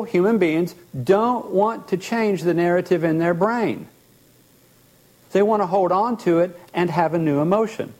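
A man teaches as a therapist, animated as he explains, often acting out short bits of dialogue and repeating words. His voice sits high.

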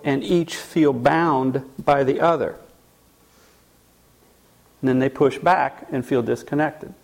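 A man's voice: on the high side, creaky, a little mellow. A man teaching a class, telling a case story and then asking the audience questions. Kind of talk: storytelling lecture.

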